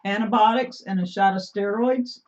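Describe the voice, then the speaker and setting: A woman's voice: medium pitch, steady tone, normal speed, a little mellow. A middle-aged woman co-hosts a casual homestead live stream. She talks in a chatty way and reads viewer comments aloud. The stream audio sounds dull and lo-fi. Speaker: homesteading channel co-host.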